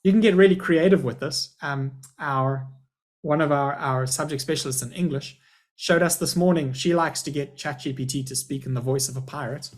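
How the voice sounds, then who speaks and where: A man's voice: on the high side, moderate pace. A middle-aged man, a school principal, giving a chatty, upbeat live webinar presentation over a video call.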